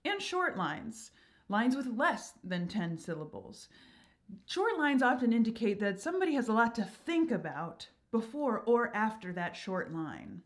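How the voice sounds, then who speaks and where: A woman hosting her own channel, explaining verse and meter in an upbeat, enthusiastic, teacherly way. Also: medium pitch. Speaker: channel host.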